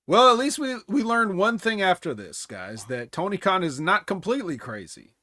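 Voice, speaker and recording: A man's voice: high-pitched, sing-song, moderate pace, bright, forceful tone, dry recording, studio quality. A man co-hosting a casual wrestling podcast, blunt and opinionated, swearing freely as he recaps matches. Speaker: podcast co-host.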